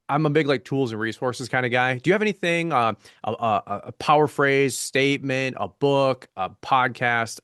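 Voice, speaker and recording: A man's voice: medium pitch, a bit bright, smooth, dry recording, studio quality. A man hosting a business webinar panel, upbeat and earnest, with a casual, pumped-up way of talking. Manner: upbeat, earnest, sports-talk energy. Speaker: webinar host.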